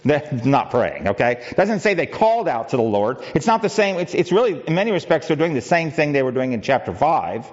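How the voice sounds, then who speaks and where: A man's voice: fairly high pitch, very animated, a little fast, hardly any pauses, highs cut off. Man preaching a conversational sermon. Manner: conversational teaching with rhetorical questions; frequent restarts and filler words. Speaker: pastor.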